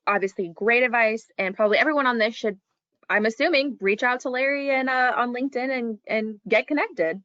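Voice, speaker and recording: A woman moderating a webinar panel, friendly and relaxed, heard over a video call. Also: a little high, brisk, no room sound, highs cut off.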